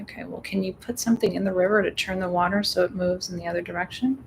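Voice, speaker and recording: A woman's voice: fairly low pitch, fast, gravelly, a little hiss or hum. A woman hosting a full moon ritual, chatting casually and calling in guides with playful whoops. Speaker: spiritual ritual host. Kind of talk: casual livestream ritual talk.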